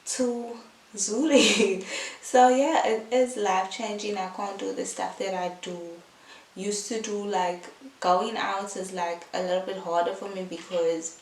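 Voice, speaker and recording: A woman's voice: mid-range voice, little pitch movement, normal speed. A young woman, a new mother, chatting in a casual, heartfelt vlog, full of "like" and "um". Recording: echoey room, mic at a distance, faint hiss.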